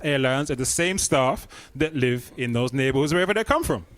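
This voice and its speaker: A man's voice: mid-range voice, animated, fairly quick, fairly bright tone. A man in a casual podcast chat, talking earnestly and repeating points as he gives advice. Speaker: podcast co-host.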